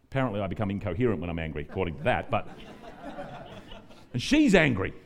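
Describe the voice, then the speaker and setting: A middle-aged Australian man preaching as a guest pastor, animated and joking, acting out the prayers and quotes he tells. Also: low voice, fast, creaky. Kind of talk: sermon.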